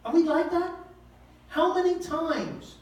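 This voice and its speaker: A man's voice: very high-pitched, expressive, slow pace. A male pastor preaching a sermon in a folksy, conversational way, with slang and pointed rhetorical questions. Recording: echoey room, voice from far off.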